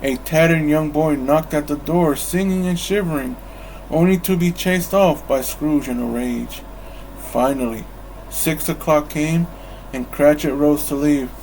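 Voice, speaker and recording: A calm man reads a bedtime story at a very slow, unhurried pace. His voice sits at an ordinary pitch, with a faint hiss of background noise. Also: rough recording. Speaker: storybook reader.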